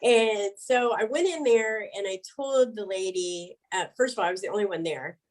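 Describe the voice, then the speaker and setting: A middle-aged woman, an interview guest, telling her story candidly, frank and animated, laughing between words. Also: medium pitch, moderate pace, low-quality recording.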